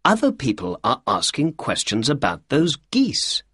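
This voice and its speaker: A man's voice: mid-range voice, huge pitch swings, unhurried, a bit bright, slightly rough, no room sound, clean studio sound, full character voice. A man voicing a confident, clever male detective in a storybook reading. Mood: amused. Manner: self-assured, explaining.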